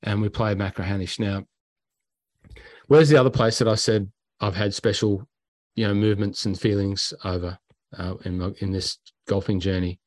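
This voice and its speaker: A podcast host with an Australian accent casually relates his travels, animatedly imitating quotes and sounds. He speaks at a normal speed in a lowish voice, and the clip has no echo.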